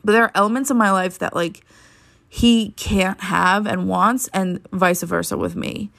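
A woman's voice: mid-range voice, fairly even intonation, unhurried, creaky, fairly bright tone. A young woman hosting a solo podcast, talking candidly and ranting with lots of swearing and filler words. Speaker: podcast host. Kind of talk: casual solo podcast monologue.

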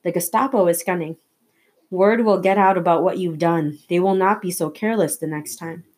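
A woman voicing a steady grown man, a protective uncle, speaking firmly and earnestly in a read-aloud novel. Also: fairly low pitch, normal speed, lightly acted. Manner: firm, earnest storybook dialogue.

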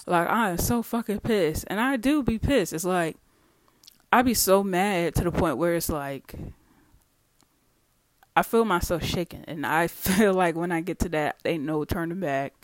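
A podcast host talking alone in a casual monologue, blunt and full of swearing, with heated swings between loud and quiet. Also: medium pitch, no room sound. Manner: blunt, profane and emphatic, with heated swings in volume.

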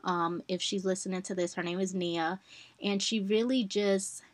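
A woman's voice: mid-range voice, normal speed, no echo. Chatty young woman, dry close sound. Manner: chatty, addresses listeners as y'all, animated retellings. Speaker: podcast host. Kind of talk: casual personal storytelling podcast.

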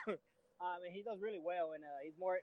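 A man on a football discussion panel who speaks hesitantly, with many pauses and restarts. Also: high voice, no room sound, poor audio. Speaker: podcast panelist.

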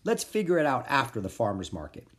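A reader doing a calm, kind mom. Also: female voice, a bass voice, fast. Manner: gentle, explaining. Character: kind, reassuring mother.

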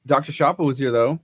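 A man's voice: medium pitch, fairly bright tone, husky, dry recording. A man co-hosting a morning show, chatting casually, laughing a lot and reading viewer comments aloud with a teasing manner. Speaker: radio show co-host. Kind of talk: casual chat on a live-streamed morning show.

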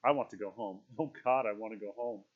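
A man doing a low, stricken boy. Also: fairly quick, natural voice. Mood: haunted. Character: shaken, guilt-stricken boy leader. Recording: dull lo-fi recording.

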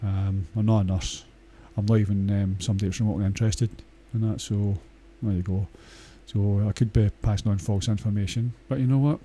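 A man's voice: on the low side, fairly even intonation, brisk, hardly any pauses, warm tone, a little hiss or hum. A Scottish man talking in a casual, rambling monologue, blunt and crude, swearing often and hesitating with many fillers.

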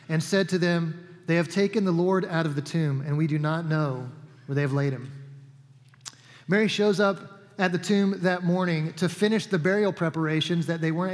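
A man's voice: a little high, big-room sound. A man preaching a sermon, retelling scripture in a conversational, storytelling way with casual asides. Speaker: pastor.

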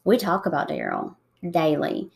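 A woman in her thirties, soft-spoken and reflective, talking slowly with pauses in an emotional interview. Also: low voice, wildly swooping pitch, creaky. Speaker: guest.

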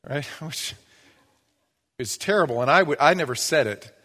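A man preaching a sermon in a casual, humorous way, sometimes muttering low in a mock grumble. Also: animated, normal speed, a bit bright, breathy edge. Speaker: pastor. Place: church. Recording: long reverb of a church hall.

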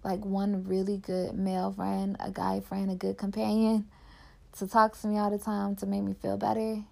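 A woman's voice: medium pitch, completely flat delivery, moderate pace, gravelly, a little mellow. A young woman podcaster talking candidly and heartfelt in casual personal reflection, filling her talk with "like". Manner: candid and heartfelt, heavy use of "like".

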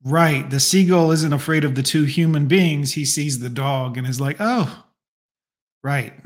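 A man's voice: a little high, steady tone, normal speed. A man hosting a reaction video, making sarcastic, mocking asides in casual, profane commentary.

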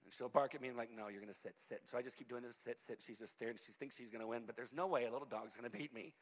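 A man in his forties preaching a sermon, telling personal stories in an animated, conversational way with self-deprecating humor. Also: medium pitch, racing. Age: 40s. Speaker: pastor.

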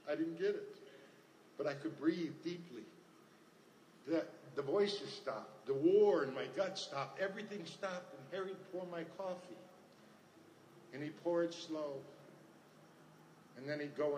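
A man's voice: medium pitch, a little hiss or hum. Older man, earnest testimony, recovery meeting speaker, long reverb, faint room ambience. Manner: earnest storytelling, repeats phrases. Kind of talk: personal testimony talk. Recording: echoey hall, faint ambience.

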